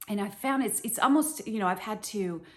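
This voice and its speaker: A middle-aged woman giving an earnest, animated devotional Bible teaching, with many "you know"s. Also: mid-range voice, fairly quick.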